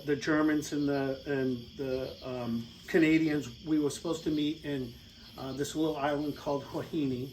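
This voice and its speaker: A man's voice: a little high, darkish tone, a little hiss or hum, poor audio. A middle-aged American man telling a rambling, casual travel story over slides, with lots of fillers and laughs. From United States.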